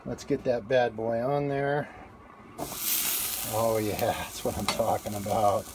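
A man takes it slowly in a fairly low, steady voice while livestreaming a food challenge at an outdoor grill, one hand holding his phone. The background is noisy, and he chats casually and rambles, with many fillers and restarts.

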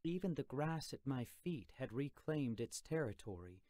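Clean studio sound with no echo frames a man's mid-range voice as he narrates a first-person audiobook, measured and expressive.

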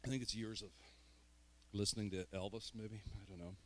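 A guest preacher with a Northern Irish accent, from Northern Ireland, begins his church sermon with playful, self-mocking remarks in the sanctuary. He talks fairly quickly in a fairly low, steady voice that comes across a bit bright.

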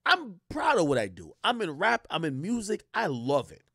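A fast-moving, profane man rants to his stream audience in a casual way, with a rather high voice that swings hugely in pitch. He leaps even higher to stress a point. The sound is dry and close. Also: no room sound. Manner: animated, swearing, voice jumps high for emphasis. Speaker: streamer and rap commentator.

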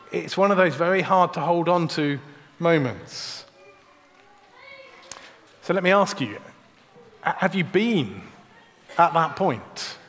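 A man's voice: sits high, fairly bright tone. A man preaching a sermon in a church, earnest and direct, often repeating a word as he starts a sentence. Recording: long church reverb.

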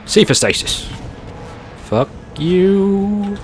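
A man doing excitable, jokey let's play commentary over a horror game, swearing often. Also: fairly low pitch, a little slow, soft background music. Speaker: gaming commentator.

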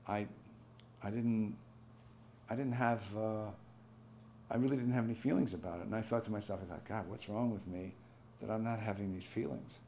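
Soft-spoken older man, halting and reflective. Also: lowish voice, gravelly, a little hiss or hum. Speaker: veteran. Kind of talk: personal testimony.

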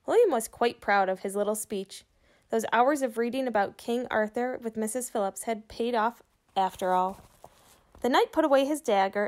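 A woman reading a children's book aloud, pausing to ask her young listeners questions about the story. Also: fairly high pitch, darkish tone. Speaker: reader for children.

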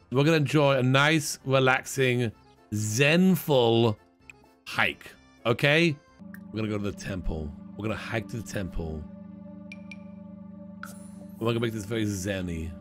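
A man hosting a let's play, chatty and playful, often laughing and slipping into quick character voices. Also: medium pitch, fairly bright tone. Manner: voices his game characters in quick asides. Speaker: gaming channel host.

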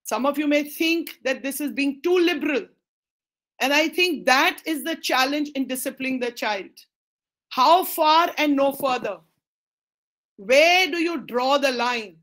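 A woman's voice: sits high, a little slow, a bit bright. A middle-aged woman with an Indian English accent, a school principal giving an anecdotal talk, acting out quoted lines and slipping in Hindi phrases.

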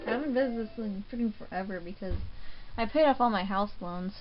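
A woman's voice: mid-range voice, fairly quick, highs cut off. Chatty woman gamer over game music. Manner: chatty, relaxed, lots of "um" and "like". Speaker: gaming channel host. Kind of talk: casual Let's Play commentary.

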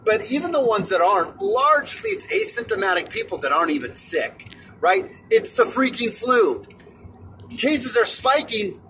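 Man ranting while driving, angry and sarcastic, voice sits high, road noise loud behind. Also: rough recording. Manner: heated, profane, sarcastic. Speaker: vlogger.

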